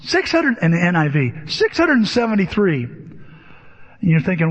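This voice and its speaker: Male pastor, sermon, husky high voice, long church reverb, muffled lo-fi sound. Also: sing-song, normal speed. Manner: emphatic preaching with rhetorical questions. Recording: dull lo-fi with long hall reverb.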